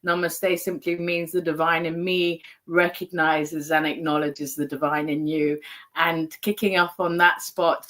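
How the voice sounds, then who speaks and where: A woman's voice: low voice, fairly bright tone. A woman guest on a podcast, speaking in an effusive, emotional way and laughing often. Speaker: guest, energy healing practitioner. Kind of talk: casual interview chat.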